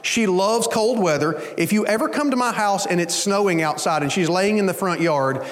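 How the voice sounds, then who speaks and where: High-voiced male pastor in a reverberant hall. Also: normal speed. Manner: conversational storytelling, folksy asides. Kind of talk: sermon.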